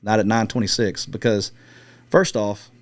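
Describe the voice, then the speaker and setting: A middle-aged former Marine scout sniper, appearing as an interview guest, spins a long story in a laid-back way, cursing freely as he acts out radio calls. His pitch is fairly low, his tone steady, his pace moderate.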